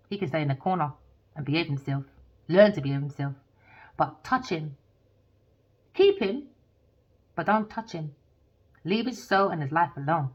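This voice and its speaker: A woman, a tarot reader ranting heatedly and swearing in a monologue. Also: fairly low pitch. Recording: dull lo-fi recording.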